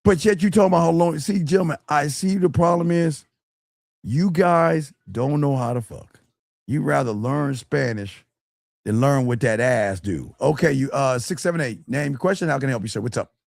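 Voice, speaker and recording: A man hosting a livestream as a dating coach, talking bluntly and profanely and growing loud and scornful as he reviews a viewer's messages. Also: on the high side, moderate pace, creaky, no room sound, studio quality. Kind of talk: livestream advice talk.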